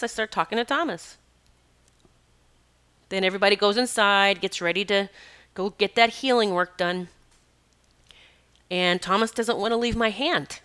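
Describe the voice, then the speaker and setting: A woman's voice: medium pitch, fairly even intonation, a little slow, long pauses, fairly bright tone, smooth. A woman who works as an animal communicator and healer, telling a personal story in a rambling, conversational way with many asides.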